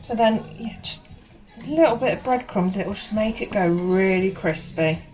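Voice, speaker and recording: A woman's voice: medium pitch, normal speed, darkish tone, rough recording. British woman, home cooking vlog, chatty step-by-step, music bed underneath. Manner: chatty, giggly, explains each step to viewers. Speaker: cooking vlogger. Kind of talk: casual cooking walkthrough. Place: home kitchen. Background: background music and pans.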